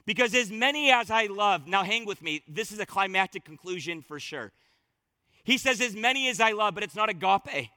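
At normal speed, an animated pastor with an unusually high, bright voice drives home his sermon through repetition for emphasis. Loud, forceful bursts alternate with quiet asides, all captured in a dry, close recording with no surrounding room.

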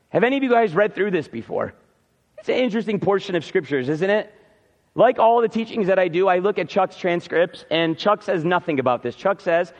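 A man's voice: high-pitched, animated, a little fast. A man preaching a sermon in a casual, conversational way, acting out the lines of biblical characters. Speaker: pastor. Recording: reverberant, dull hall sound.

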